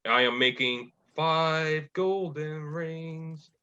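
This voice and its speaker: A man playing a tabletop game who talks in an energetic, playful way, on dull lo-fi audio. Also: on the high side, extremely slow, noisy background. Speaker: player.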